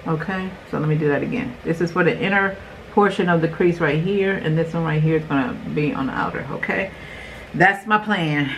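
A beauty vlogger in her forties talks fairly quickly in a low voice, chatting straight to viewers as she does her makeup at home for a tutorial. The recording is low quality, with slight background noise.

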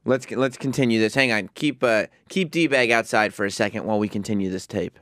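A man's voice: lowish voice, brisk, a bit bright, no echo. A man hosting a radio show in a studio, teasing and ordering a staffer around in casual banter. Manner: teasing, bossy. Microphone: studio mic.

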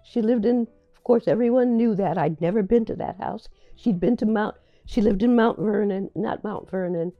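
An older woman, a playwright, recalling her career in a reflective, halting way, often repeating words as she remembers. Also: medium pitch, highs cut off, faint music behind. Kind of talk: reflective personal storytelling.

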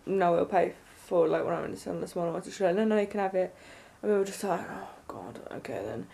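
A young woman vlogging, telling a story in an excited, rambling way with lots of fillers. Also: on the low side, quick pace, creaky. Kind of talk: casual storytelling to camera.

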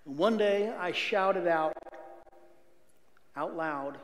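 A middle-aged man giving a church testimony, earnest, swinging from loud outbursts to near whispers. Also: high voice, takes it slowly, pauses often. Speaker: guest speaker giving testimony. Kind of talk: testimony sermon. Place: church sanctuary. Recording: echoey church hall reverb.

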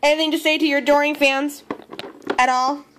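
A woman's voice: sits high, flat delivery, fairly quick, noisy background. A young woman filming a casual home video, chatting and coaxing her dog along. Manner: chatty, coaxing pet talk.

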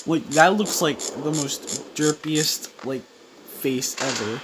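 A man's voice: fairly high pitch, slow pace, fairly bright tone, a little hiss or hum, poor audio. A young man giving casual let's-play commentary on a horror game, rambling with lots of fillers and jumpy outbursts. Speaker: gaming YouTuber.

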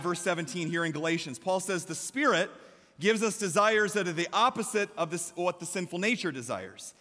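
A man with an American Midwestern accent preaching a lively sermon as a pastor, with emphatic bursts and shouts. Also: high-pitched. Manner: energetic, emphatic preaching with sudden loud shouts. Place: large church sanctuary. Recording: long hall reverb from a church.

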